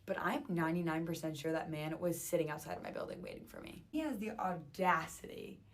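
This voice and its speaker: A young woman with a somewhat low voice tells a dating story in a casual storytime way. She is animated and dramatic as she talks. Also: a little fast.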